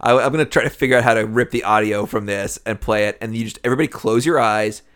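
A man's voice: lowish voice, fast talker, a bit bright, clean tone. A man co-hosting a podcast, tossing out wry jokes and laughing at his own asides in casual chat. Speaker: podcast co-host.

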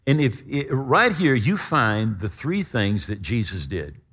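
A man preaching a sermon, emphatic, with dramatic swings between loud stresses and quiet drops. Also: fairly low pitch, slow pace, husky. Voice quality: lively, expressive intonation.

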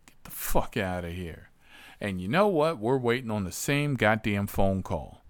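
A man's voice: on the low side, measured pace, no echo. Cussing guy telling driver stories, voice jumps all over, dry close sound. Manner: profane, animated, exasperated. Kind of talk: casual storytelling.

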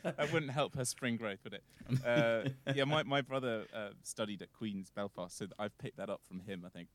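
A man's voice: on the low side, normal speed, fairly bright tone, no room sound. A man retelling a myth as a podcast guest, rambling with plenty of fillers. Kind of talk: casual storytelling.

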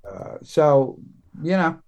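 A man, a guest comics writer, talking in a casual podcast interview, halting and full of restarts and fillers. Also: a little high, lively intonation, gravelly, darkish tone, dull audio.

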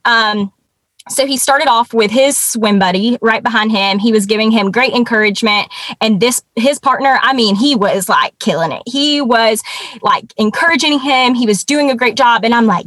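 A woman guest telling a personal story in an earnest, conversational way, with many pauses and restarts. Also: fairly high pitch, a bit bright, no room sound.

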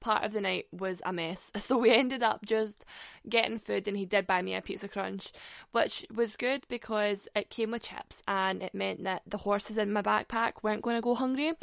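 A young woman with a Scottish accent tells a story with lively, profane energy, often breaking into laughter. Her voice has a gravelly, creaky edge at an average pitch. The recording is dry and close, with no room echo. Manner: animated, swearing, laughing often. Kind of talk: casual storytelling.

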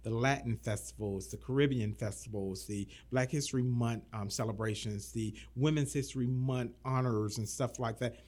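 A man's voice: medium pitch, fairly even intonation, moderate pace, hardly any pauses, a little mellow. A man from Florida who is a city manager, talking earnestly in a casual interview and often repeating words as he starts a thought.

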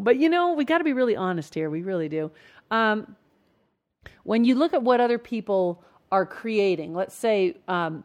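A woman leading a casual spoken self-help lesson as a coach, asking the listener many questions and acting out inner voices with shifts of tone. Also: mid-range voice.

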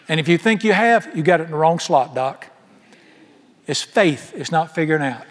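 A man's voice: fairly high pitch, lively intonation, moderate pace, long reverb tail. A man preaching a sermon in a large church, folksy and emphatic, firing rhetorical questions at the congregation. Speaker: pastor.

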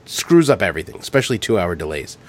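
A man with a fairly low voice hosts a loose podcast chat. He tells crude stories, swears freely and laughs as he goes. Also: very animated, fast. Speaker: podcast host. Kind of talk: casual chat.

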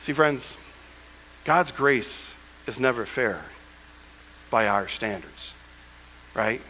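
A man's voice: mid-range voice, expressive, takes it slowly, pushed and bright, long reverb tail, a little hiss or hum, rough recording. A man preaching a sermon as pastor, with emphatic asides and acted-out scripture quotes, speaking in a church. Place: church sanctuary.

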